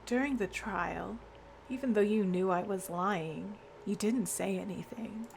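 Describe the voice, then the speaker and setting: A calm, reserved teenage girl detective from a game, as a woman reads her lines aloud. The delivery is slow and even, without much flourish. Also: mid-range voice, gravelly, slight background noise. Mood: composed.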